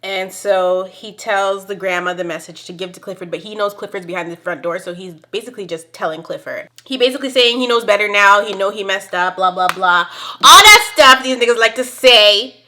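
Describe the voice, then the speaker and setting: A young woman recapping a TV episode in casual chat, animated and quick to laugh, with dramatic exclamations. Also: mid-range voice. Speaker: TV show recap host.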